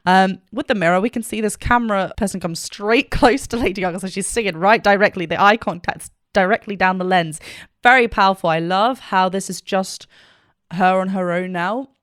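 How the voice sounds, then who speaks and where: A woman's voice: medium pitch, normal speed, a bit bright, no room sound, clean studio sound. A woman vocal coach reacting to a performance and analyzing it, enthusiastic and technical, now and then singing short vocal demonstrations.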